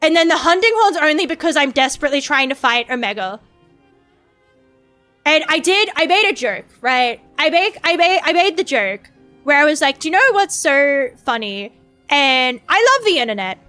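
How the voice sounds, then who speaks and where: Woman VTuber streamer, high voice, rambling and swearing with self-mockery, faint music underneath. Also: lively intonation, fairly quick, pushed and bright. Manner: rambling, profane, self-mocking. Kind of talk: casual stream chat.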